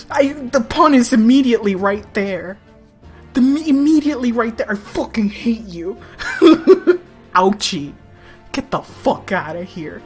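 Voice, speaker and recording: A woman streamer giving casual commentary on a game, swearing often, laughing a lot and reacting loudly to what happens on screen. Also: on the high side, lively intonation, measured pace, soft background music.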